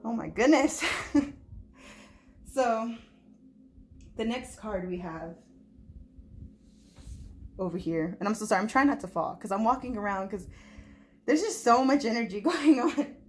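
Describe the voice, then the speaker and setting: A woman giving a tarot reading to her viewers, overwhelmed and close to tears, talking fast and emotionally. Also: on the high side, lively intonation. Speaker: tarot reader.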